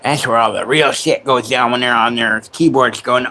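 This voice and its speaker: A man's voice: medium pitch, steady tone, moderate pace, sharp tone, a little hiss or hum. Sarcastic man in his forties. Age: 40s. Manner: joking, sarcastic, laughs often. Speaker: livestream host. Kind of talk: casual livestream chat. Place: home, in Florida.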